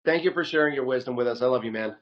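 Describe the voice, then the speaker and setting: A man co-hosting a podcast who talks casually and relaxed, often saying "like" and "right?". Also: medium pitch, rapid-fire, over a noisy crowd. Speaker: podcast co-host. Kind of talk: casual chat. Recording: dull lo-fi sound.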